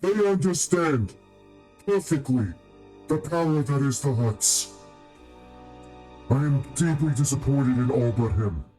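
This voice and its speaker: A man's voice: mid-range voice, unhurried, long pauses, warm tone, soft background music, lightly acted, low-quality recording. A man voicing a boastful, short-tempered male Hutt crime lord who rambles grandly and misuses words in a tabletop game. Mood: grandiose. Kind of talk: tabletop role-play voicing.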